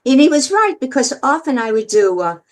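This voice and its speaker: An older woman entertainer telling stories as a guest, lively and theatrical, often laughing. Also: high-pitched, fairly quick. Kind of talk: storytelling interview.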